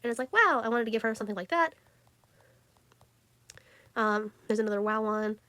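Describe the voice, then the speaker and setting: A woman's voice: mid-range voice, little pitch movement, a little fast, fairly bright tone, dry recording. A teenage girl chatting casually about her drawings, giggly and full of fillers. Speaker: art vlogger. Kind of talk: casual chat.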